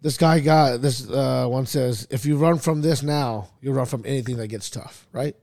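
A man hosting a podcast, chatting casually with friends, animated and swearing, laughing at his own jokes. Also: medium pitch, moderate pace, gravelly, no echo, clean studio sound. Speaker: podcast host. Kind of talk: casual chat.

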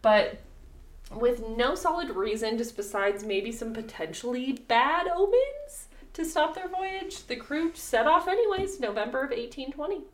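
Lively, laughing young woman storyteller. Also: high voice, a little slow. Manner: animated, laughing often, swears casually. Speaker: podcast co-host telling a history story. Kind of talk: casual storytelling chat. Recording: echoey room.

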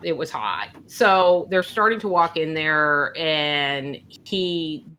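A woman chatting casually about a novel, retelling scenes with animated storytelling and frequent laughter. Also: deep voice, slow. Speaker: book discussion co-host.

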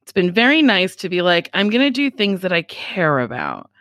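A woman's voice: on the low side, very animated, normal speed, a bit bright, no echo, clean studio sound. A woman comedian, a guest on a chat podcast, talking bluntly, swearing freely and acting out other people's lines. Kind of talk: casual chat.

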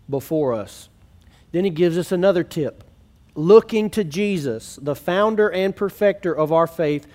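A man's voice: a little high, a little mellow. A man preaching a sermon to a congregation in a church, earnest and conversational, asking the room rhetorical questions. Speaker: pastor. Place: church sanctuary.

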